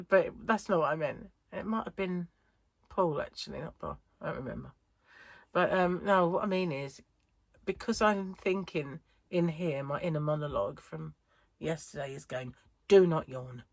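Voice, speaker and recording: A gravelly, low female voice comes through with no echo. The speaker, a middle-aged British woman with a wheezy chest, chats in a tired, rambling, self-interrupting way on her crochet vlog.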